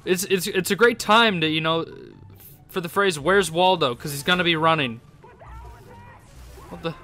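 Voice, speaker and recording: A young man giving excitable gameplay commentary, laughing often and yelping in surprise. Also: on the high side, normal speed. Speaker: gaming YouTuber.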